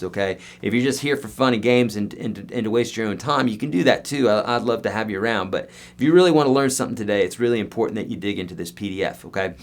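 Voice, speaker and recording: A man teaching guitar in a live-streamed online lesson, talking emphatically and straight to his viewers. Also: lowish voice. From United States.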